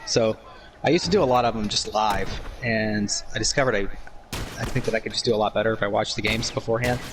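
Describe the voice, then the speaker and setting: A man's voice: fairly low pitch, fast talker, noisy background. A man in casual podcast chat, a game commentator explaining his process earnestly and at length.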